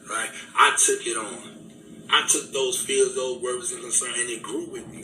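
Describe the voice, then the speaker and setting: Brief: fiery male speaker, very bright tense tone, mic at a distance, faint music under. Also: medium pitch, reverberant. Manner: fervent, repetitive, rhetorical, casual vernacular. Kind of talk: impassioned preaching talk.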